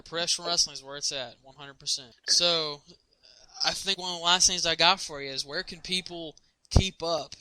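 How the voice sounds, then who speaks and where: A man's voice: on the high side, steady tone, moderate pace, pushed and bright, clear, resonant tone, low-quality recording. A man hosting a podcast interview, upbeat, wrapping up and plugging his guest's links. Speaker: podcast host. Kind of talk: casual interview.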